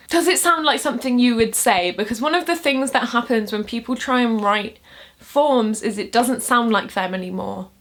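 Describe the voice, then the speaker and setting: A woman's voice: fairly high pitch, moderate pace, fairly bright tone. A young woman casually explaining how she writes sonnets, chatty and upbeat, with laughs between points. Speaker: poetry tutorial vlogger. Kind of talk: casual instructional talk.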